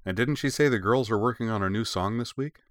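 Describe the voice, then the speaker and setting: A man voicing an easygoing middle-aged father who teases his wife with dry, deadpan jokes. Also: on the low side, fast talker, no room sound, voice pushed up, lightly acted.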